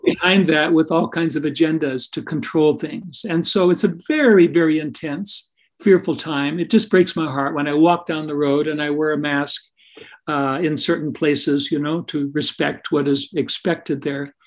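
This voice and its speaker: A man's voice: on the high side, fairly even intonation, normal speed. An older man, a Christian minister, telling personal stories in a podcast interview and often checking in with "right?" and "is that right?". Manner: earnest anecdotal storyteller with frequent "right?" tag questions. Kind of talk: storytelling interview.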